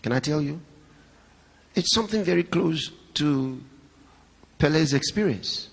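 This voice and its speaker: Husky-voiced pastor preaching in a reverberant hall. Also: male voice, lively intonation, a little slow. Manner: swings between raised, high emphasis and hushed low storytelling; addresses a live congregation with questions and asides. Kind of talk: sermon.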